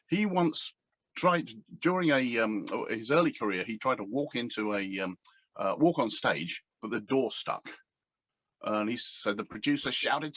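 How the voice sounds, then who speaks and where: A man's voice: fairly low pitch, a bit bright, breathy edge, no room sound. A middle-aged man, a coach, talking casually to a camera on his table, rambling and hesitant with many fillers. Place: indoors at a table. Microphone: camera standing on the table.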